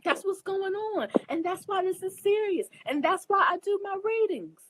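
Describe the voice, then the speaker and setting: A woman's voice: very high-pitched, lively intonation, moderate pace, noisy background. A woman astrologer speaking casually and earnestly to her viewers, emphatic and preachy, often asking if they understand, and openly emotional. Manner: earnest, emphatic, preachy, addresses listeners directly. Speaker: astrologer giving advice. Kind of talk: casual spoken monologue to viewers.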